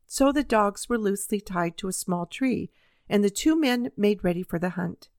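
A woman narrating a children's story in an even, measured reading voice. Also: medium pitch, dry recording, clean studio sound. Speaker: audiobook reader.

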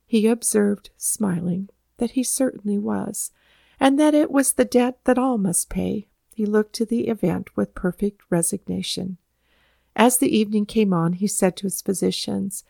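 Gravelly-voiced woman narrating solemnly. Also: mid-range voice, normal speed, dark tone, no room sound, studio quality. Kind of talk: read-aloud historical narration.

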